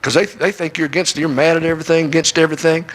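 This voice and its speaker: A man's voice: a little high, steady tone, very fast, fairly bright tone, slight background noise, low-quality recording. A middle-aged man preaching to a church, telling folksy, joking stories. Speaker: guest preacher. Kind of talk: humorous sermon storytelling.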